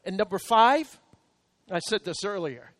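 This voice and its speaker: A man's voice: sits high, expressive, unhurried, fairly bright tone. A male pastor preaching a sermon in church, emphatic and counting out his points. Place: church service.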